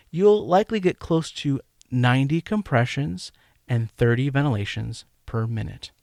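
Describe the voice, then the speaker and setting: A man hosting a medical teaching podcast, delivering a scripted lecture in a measured, emphatic way and counting out rhythms aloud. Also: medium pitch, lively intonation, a little mellow, no echo, clean studio sound. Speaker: podcast host and medical educator.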